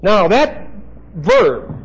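A man teaching a Bible passage as a preacher, slow and deliberate, pausing to spell out Greek words. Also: high-pitched, sing-song, breathy edge, muffled recording.

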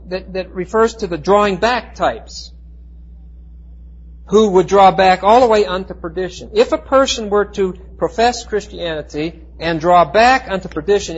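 A man teaching a Bible class, explaining Greek words with emphatic, slowed stress and frequent restarts. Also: high-pitched, breathy edge. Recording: dull lo-fi recording.

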